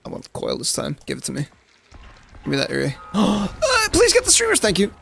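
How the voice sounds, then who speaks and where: Excitable high-voiced young South African streamer, squeaky and casual, faint music underneath. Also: male voice, normal speed, creaky, pauses often. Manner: excitable, swears casually, chats to viewers. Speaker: game streamer. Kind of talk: live-stream gameplay commentary.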